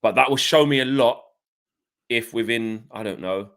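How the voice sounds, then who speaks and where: A man's voice: mid-range voice, normal speed, a bit bright. A man co-hosting a casual football podcast, emphatic and slangy, often repeating himself. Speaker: co-host.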